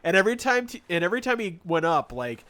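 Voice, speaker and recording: Speaking fast, this gamer spins sarcastic, lively anecdotes as he plays, often cracking up mid-sentence. His tone is bright and forward, sitting slightly high.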